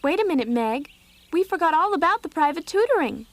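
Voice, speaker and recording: A woman's voice: very high voice, very animated, fairly quick, exaggerated voice. A woman voicing Joe, a bookish, hot-tempered teenage girl in a dubbed cartoon. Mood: teasing.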